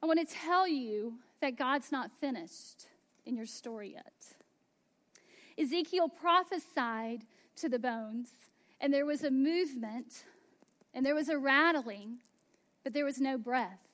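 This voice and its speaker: A woman pastor in her thirties preaching a sermon, slow and emphatic, dropping to hushed asides. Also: high-pitched.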